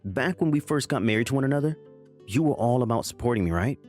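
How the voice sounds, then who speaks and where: A man's voice: mid-range voice, animated, fast talker, darkish tone, faint music behind, lightly acted. Man playing a defensive, evasive husband. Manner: defensive, placating. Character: defensive, evasive husband trying to please his mother.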